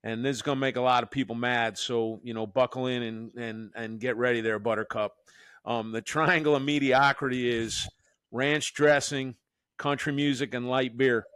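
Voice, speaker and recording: A man's voice: medium pitch, steady tone, normal speed, fairly bright tone, clean tone, dry recording. A man from the Northeastern US hosting a podcast as a professor, joking and rambling with many restarts. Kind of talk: casual podcast chat.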